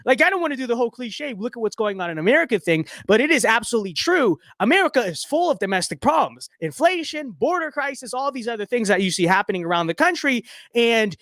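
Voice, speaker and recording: A man's voice: very high voice, sing-song, fast talker, a bit bright, no echo, studio quality. A man ranting on a live stream, reading chat comments aloud with heated sarcasm and frequent restarts.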